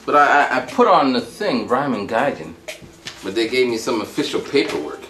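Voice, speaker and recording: A man in his forties telling a rambling, animated story at home. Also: mid-range voice, normal speed, reverberant, soft background music. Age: 40s. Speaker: vlogger. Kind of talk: casual storytelling vlog.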